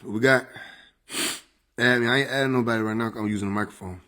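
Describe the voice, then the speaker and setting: A man's voice: medium pitch, fairly even intonation, fast, bright, forceful tone. A man chatting casually on a livestream, laid-back and slangy, laughing often. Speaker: livestream host.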